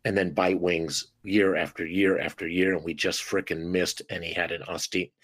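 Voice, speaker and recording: A man who is a dentist, talking as a guest on a podcast interview in an expressive, animated way and acting out talks with patients. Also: deep voice, normal speed, dry recording.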